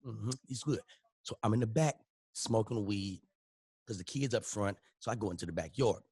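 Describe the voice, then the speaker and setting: A man with a Louisiana accent on a podcast, telling a profane, lively story and acting out every quote. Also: lowish voice, moderate pace, breathy edge, dry recording. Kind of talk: animated comedic storytelling.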